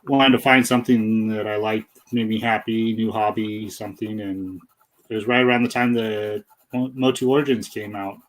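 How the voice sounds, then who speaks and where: Candid, nervous man with a lowish voice. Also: little pitch movement, normal speed, rough recording. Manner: candid, nervous and self-deprecating. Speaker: guest. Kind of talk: casual personal conversation.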